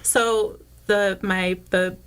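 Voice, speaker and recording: A woman's voice: mid-range voice, extremely slow, smooth. A woman guest on a community radio interview, telling a personal story casually and acting out the quoted exchanges with a lifted voice. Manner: animated, acts out quoted exchanges with a raised voice; self-described hothead, casual with many "like"s. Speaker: guest, local realtor. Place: radio studio.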